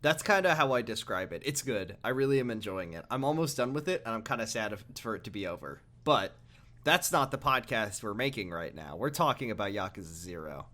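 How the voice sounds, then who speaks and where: A man co-hosting a casual podcast, recapping a game with jokes and frequent laughter. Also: fairly quick. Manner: laughs often, jokey recaps with sudden high excited bursts. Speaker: podcast co-host. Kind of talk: casual chat.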